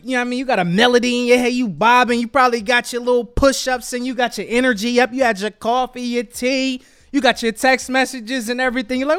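High-voiced man hosting a podcast. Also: clear, resonant tone, no echo, studio quality. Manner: animated storytelling with acted-out quotes. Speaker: podcast host. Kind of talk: casual solo podcast monologue.

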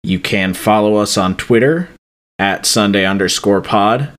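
Young man, podcast host, unhurried, lowish voice, dry joking manner. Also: fairly bright tone. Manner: dry, offhand and joking, with many fillers. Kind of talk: casual podcast chat.

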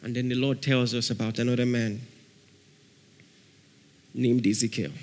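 A man preaching a sermon with fervor, calling out to his congregation and rising at times to shouts. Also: mid-range voice, flat delivery, moderate pace. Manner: fervent, calls out to the congregation.

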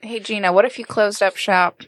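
A woman playing her character in a tabletop role-playing game, quick and joking. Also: mid-range voice, fairly even intonation, dry recording. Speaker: player. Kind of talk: casual tabletop role-play.

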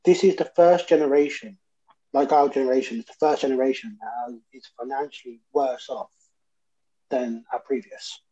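A man's voice: medium pitch, fairly even intonation, normal speed, mellow, dull audio. A man, co-hosting a podcast and speaking in a heartfelt, hesitant way with many fillers. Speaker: podcast co-host. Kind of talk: casual podcast chat.

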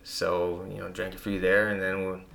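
Low gravelly man telling stories. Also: moderate pace. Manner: relaxed storytelling with many fillers. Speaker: guest. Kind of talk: casual conversation.

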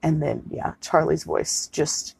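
A woman's voice: deep voice, takes it slowly, creaky, a little mellow, slightly rough, no room sound. A woman co-hosting a casual chat, animatedly retelling a film scene and swearing freely. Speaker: podcast co-host.

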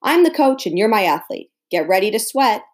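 A woman voicing a bossy but encouraging adult tutor in a novel read aloud, talking firmly and briskly. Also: medium pitch, very animated, close to an everyday voice. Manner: brisk, firm and upbeat.

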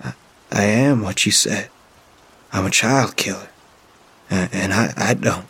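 A man voicing a weary, guilt-ridden grown man who speaks sadly with a halting, breaking voice. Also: fairly low pitch, a bit bright, breathy edge, heavily acted. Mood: broken.

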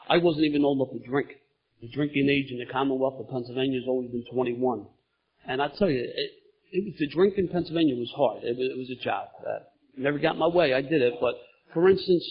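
A middle-aged man telling his recovery story at a meeting, lively and laughing as he goes. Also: medium pitch, slightly rough. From Philadelphia, USA. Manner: animated storytelling, gets loud and laughing at funny parts. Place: meeting room in front of an audience. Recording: dull lo-fi meeting recording.

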